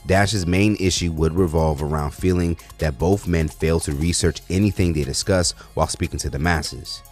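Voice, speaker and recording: A man reading scripted narration for a news video in an even, reporting tone. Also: low-pitched, normal speed, soft background music.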